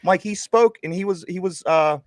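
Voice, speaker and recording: A man's voice: sits high, moderate pace, no echo, clean studio sound. A man with a Pittsburgh accent, co-hosting a casual sports podcast and telling a rambling story, stammering and repeating his words. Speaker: podcast co-host.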